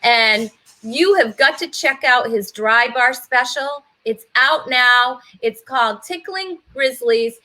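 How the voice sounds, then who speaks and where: A cheerful woman host from Massachusetts runs a casual online talk show. Her voice sits high and bright, and she warmly reels off viewers' names as she welcomes them over a video call. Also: slow pace. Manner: bubbly, greets viewers by name. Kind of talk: casual live-stream chat.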